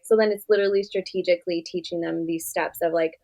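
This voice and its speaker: Brief: young woman therapist, quick chatty delivery with a touch of vocal fry, acts out client exchanges. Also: lowish voice. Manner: animated storyteller acting out client dialogue. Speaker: therapist guest. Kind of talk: casual conversational interview.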